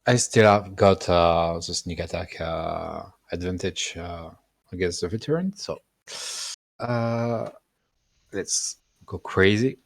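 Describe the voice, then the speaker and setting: Low-voiced guy in an online tabletop game, super slow and halting, dry mic. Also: creaky, no room sound. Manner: halting, full of uh fillers. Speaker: player.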